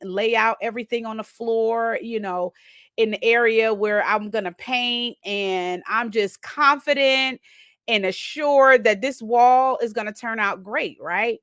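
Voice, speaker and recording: A woman hosting her own talk, telling a personal story in an animated way, acting out her inner thoughts and often adding "right?". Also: a little high, no room sound, studio quality. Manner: frequently adds "right?" tags. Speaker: host.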